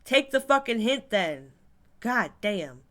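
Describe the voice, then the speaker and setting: A woman's voice: fairly high pitch, sing-song, takes it slowly, a bit bright. Exasperated woman doing reaction commentary. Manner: exasperated, sarcastic, swearing. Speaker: commentary channel host.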